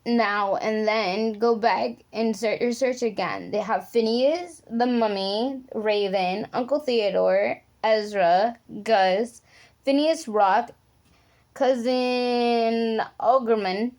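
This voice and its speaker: A woman's voice: on the high side, slow, darkish tone. A woman reading a rhyming picture book aloud in a sing-song, playful way. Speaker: storybook reader.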